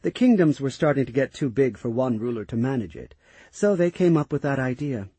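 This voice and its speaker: A man's voice: medium pitch, lively intonation, dark tone, husky, no room sound. A man voicing a drowsy, tired goddess. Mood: sleepy. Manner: slow, sleepy and unhurried.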